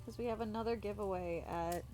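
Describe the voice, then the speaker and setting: Over music, a young American streamer talks fairly quickly in a medium-pitched voice. She's casually chatting with viewers, giggling and sounding a little tired.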